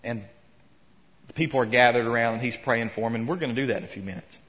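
A man's voice: medium pitch, quick pace, a bit bright. Man preaching a sermon in a reverberant church. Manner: storytelling, retelling quotes with rising emphasis. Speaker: pastor. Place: church sanctuary. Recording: long hall reverb.

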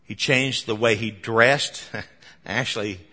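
A man preaching a sermon, telling the story with animated emphasis and chuckles. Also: mid-range voice, slow, husky, long reverb tail.

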